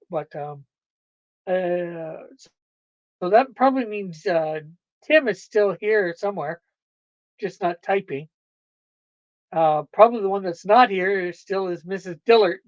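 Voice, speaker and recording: A woman's voice: fairly low pitch, no room sound, dull audio. A woman hosting a livestream, chatting casually with viewers, rambling and laughing often. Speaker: livestream host.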